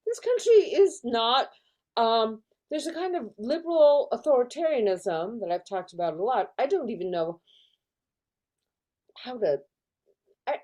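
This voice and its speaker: A middle-aged woman professor speaks in a video-call interview from California, her voice a little high and mellow, with lively intonation. She talks a little slowly and pauses often, thoughtful and full of fillers and restarts, and she acts out quoted voices in this casual academic discussion.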